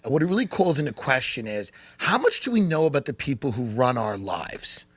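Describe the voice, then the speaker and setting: A man's voice: mid-range voice, sing-song, brisk, husky, no echo. A man hosting an interview, chatty and self-deprecating, telling stories in casual conversation. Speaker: interview host.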